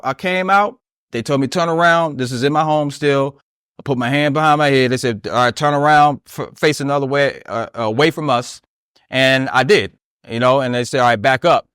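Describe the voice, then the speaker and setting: A man with a fairly high speaking voice recounts events in a casual interview. He acts out each exchange and keeps checking in with "you know what I mean?" The sound is dry and close. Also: fairly quick, clear, resonant tone, dry recording. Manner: animated retelling that acts out dialogue, often asks "you know what I mean?". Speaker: interview guest.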